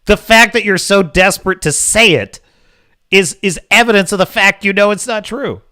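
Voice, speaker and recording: A man's voice: high-pitched, normal speed, pushed and bright. A male host giving sarcastic, mocking livestream commentary.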